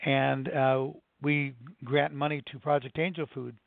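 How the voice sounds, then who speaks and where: This older nonprofit director speaks in a mid-range voice that is flat, a little slow, and touched with vocal fry. He earnestly recounts a story in conversational interview answers, frequently starting over. The sound is dry and phone-like, tinny, with no echo.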